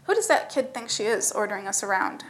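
A woman reading aloud gives voice to a put-upon young man, a second-rate knight-technician who whines and complains when cornered. He sounds worn out and exasperated, his voice at an ordinary middling pitch in a storybook reading. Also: sing-song, fast, slight background noise, lightly acted, poor audio. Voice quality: whiny, exasperated. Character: frustrated male apprentice knight-technician, whiny.

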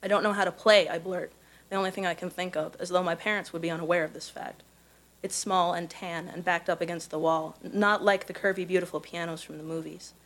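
A woman with a somewhat low voice reads her personal essay aloud at a live event. She tells it carefully and evenly, letting the prose carry it. She grew up in Missouri. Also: steady tone, rough recording. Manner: measured, careful storytelling delivery. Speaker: contest winner reading her own prose.

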